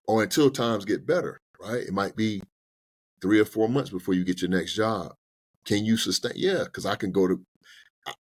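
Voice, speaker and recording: In a podcast studio, a man with a lowish voice gives personal finance advice during a casual conversation. He's animated and colloquial, acting out little back-and-forths with banks.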